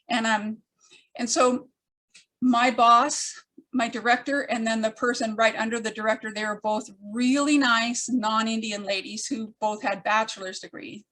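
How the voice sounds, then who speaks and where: An older woman telling a personal story to an audience, with wry humor and frequent pauses. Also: fairly high pitch, fairly even intonation, a bit bright. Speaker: storyteller speaker.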